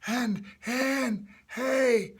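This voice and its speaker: A man voicing a cranky old man with a tight, airy, high, strained voice. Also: extremely slow, husky, full character voice. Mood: beckoning. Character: cranky old man calling a kid over.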